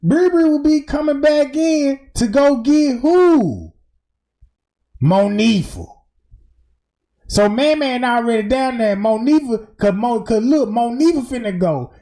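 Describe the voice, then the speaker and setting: A man's voice: very high voice, lively intonation, takes it slowly, dark tone. A man giving casual, slangy commentary over video footage, emphatic and pointing things out. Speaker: commentator walking through footage.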